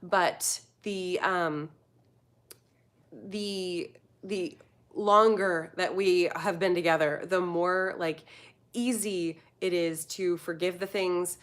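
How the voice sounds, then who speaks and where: A food vlogger from the United States, in her thirties, chats loosely on a live stream and reads viewer comments aloud between tangents. She speaks slowly in a lowish voice with fairly even intonation.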